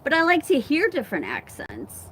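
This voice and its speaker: A woman's voice: high-pitched, huge pitch swings, moderate pace, a bit bright, slight background noise. A woman from Southern Illinois with a faint accent there, chatting casually and telling stories as host. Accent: faint Southern Illinois, on certain words. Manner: chatty, storytelling, agreeable asides. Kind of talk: casual chat.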